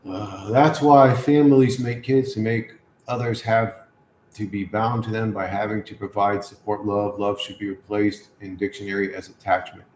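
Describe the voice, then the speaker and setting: A man with a lowish voice rambles through a livestream, answering chat in a crude, sardonic way. The room sounds echoey and a faint hum of ambience sits behind him. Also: steady tone, moderate pace, a little mellow. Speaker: livestream host reading chat.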